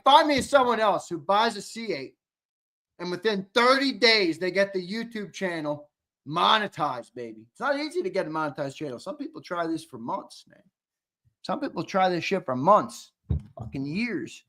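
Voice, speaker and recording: A brash, profane sports show host runs a casual livestream, trash-talking as he reads out and responds to the live chat. His voice is on the high side, pushed and bright.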